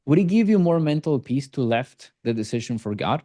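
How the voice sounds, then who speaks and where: A man's voice: mid-range voice, big pitch swings, a little fast, mellow. A man leading a group coaching call as a sales coach, talking bluntly with teasing and swearing.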